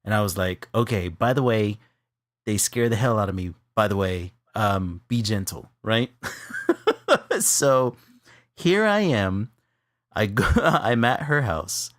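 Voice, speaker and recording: A man spinning a funny personal story in an easygoing chat. He laughs a lot and his voice leaps up when the story gets exciting. The sound is dry and close, with no room around it. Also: on the low side, slow pace, no room sound. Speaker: co-host of an art stream.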